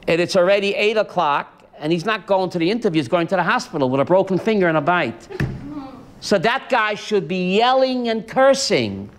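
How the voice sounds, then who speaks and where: In a high voice at normal speed, a rabbi preaches a sermon woven from stories, animated and asking the audience questions. A little hiss or hum is audible.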